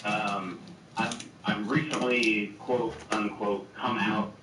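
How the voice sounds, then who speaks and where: A man's voice: on the low side, steady tone, slow pace. A man calling in to a talk show, talking hesitantly with many ums and restarts. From Southern United States. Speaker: caller. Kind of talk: call-in conversation. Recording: distant echoey line with clear noise.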